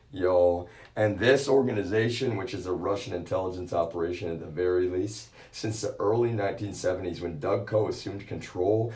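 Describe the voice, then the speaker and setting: A man streaming live, ranting with heavy swearing and constant repetition, swinging from low muttering to shouts. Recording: echoey room.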